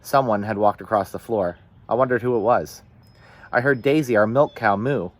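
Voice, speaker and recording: A man's voice: fairly low pitch, normal speed. Man reading a novel aloud, earnest. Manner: steady, earnest storytelling. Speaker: audiobook reader.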